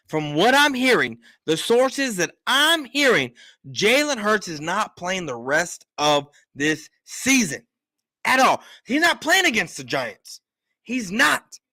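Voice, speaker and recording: A man hosting a sports show, talking loudly and insistently, repeating his points after a few drinks. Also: high-pitched, sing-song, slow pace. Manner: loud, emphatic, repetitive insistence. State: been drinking a little. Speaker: sports podcast host. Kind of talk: heated sports opinion talk.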